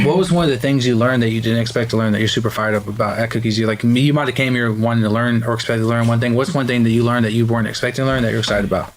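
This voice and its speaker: A man's voice: medium pitch, fairly even intonation, racing, hardly any pauses. A man hosting a group interview with students, asking questions in upbeat, slangy speech. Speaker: program host interviewing students.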